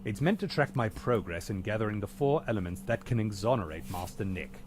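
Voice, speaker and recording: Man doing a butler, deadpan, formal, lowish pitch, very varied intonation, noisy game audio. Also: brisk, natural voice. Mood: dry. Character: weary dry-witted male English butler. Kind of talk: video game voice acting.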